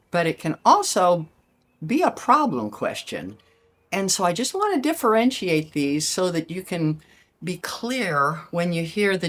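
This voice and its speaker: An older woman talks alone as a life coach, her low voice swinging widely in pitch. She is gentle and animated, and often slips into little acted-out quotes of questions people ask. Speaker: podcast host, life coach. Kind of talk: reflective solo talk. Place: lives abroad in Ecuador.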